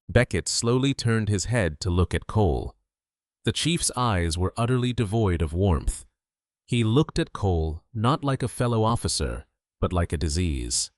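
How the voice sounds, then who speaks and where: Brief: man narrating a dramatic story, low voice, dry close sound. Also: expressive, moderate pace, no room sound.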